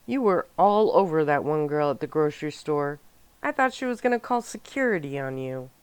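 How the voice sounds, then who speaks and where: A woman voicing a playful young werewolf man who ribs his friend, in a soft-spoken ASMR audiobook reading. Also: deep voice, animated, normal speed, clear, resonant tone, dry recording. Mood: teasing. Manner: ribbing, mocking.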